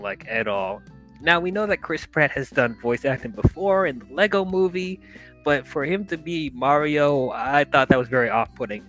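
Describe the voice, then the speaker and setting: A man with a bright, forward voice reviews a movie in a loose, chatty way, full of fillers and asides. Soft music runs faintly underneath him. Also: medium pitch. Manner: chatty and animated, with frequent fillers.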